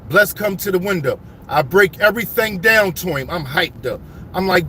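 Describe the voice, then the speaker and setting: A man telling his life story to viewers as he drives around his old city neighborhood, animated and full of street slang. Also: sits high, normal speed, a little hiss or hum.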